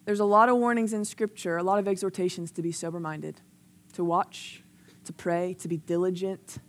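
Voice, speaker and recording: A woman's voice: fairly low pitch, fairly even intonation, moderate pace. A woman preaching a sermon into a microphone, conversational and earnest, telling personal stories with lots of "like" and building in intensity. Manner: conversational, storytelling with frequent "like".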